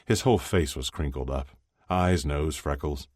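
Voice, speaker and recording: A man narrates a story in a steady, even storytelling delivery. His voice is extremely low and deep. The recording is close and dry, with no room sound. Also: normal speed, dry recording. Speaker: audiobook narrator. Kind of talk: scripted narration.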